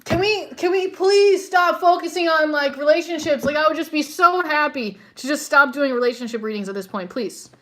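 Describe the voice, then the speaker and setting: A woman's voice: sits high, moderate pace, hardly any pauses, fairly bright tone. A young woman hosting a casual live psychic reading stream, chatty and slangy, full of fillers and frequent laughter. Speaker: psychic livestream host.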